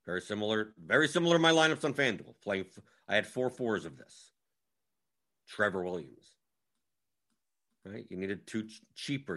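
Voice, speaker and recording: Brief: male analyst, bright forceful tone, brisk matter-of-fact lineup breakdown. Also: medium pitch. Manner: brisk and matter-of-fact, talking while scrolling through lineups. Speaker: daily fantasy baseball analyst.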